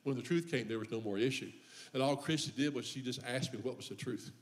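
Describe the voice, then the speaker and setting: A man's voice: mid-range voice, fast talker. A male pastor preaching a sermon in church. He mixes humorous personal stories with impassioned refrains that build in force. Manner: humorous storytelling about his own life.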